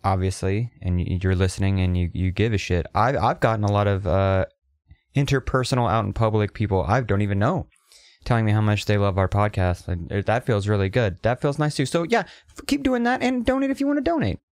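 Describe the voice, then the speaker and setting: A man co-hosting a casual podcast with a mid-pitched voice that swings up and down. He talks earnestly and swears casually, recorded dry and close. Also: animated, brisk, darkish tone, dry recording. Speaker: podcast co-host. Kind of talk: casual chat.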